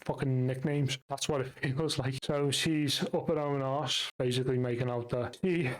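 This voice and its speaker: A man's voice: medium pitch, fairly even intonation, normal speed, rough recording. A man giving a casual, sarcastic and sweary recap of a TV episode. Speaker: reaction video host.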